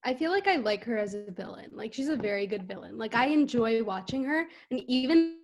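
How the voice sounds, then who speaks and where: A woman's voice: on the high side, expressive, brisk. A young woman chatting casually as a podcast guest on a remote call, talking loosely with many fillers. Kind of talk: casual chat.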